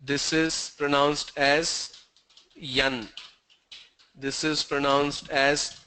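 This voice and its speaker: A man's voice: fairly high pitch, flat delivery, takes it slowly, pushed and bright, a little hiss or hum, low-quality recording. A middle-aged man teaching English pronunciation in an online lesson, drilling sounds letter by letter and correcting common mistakes.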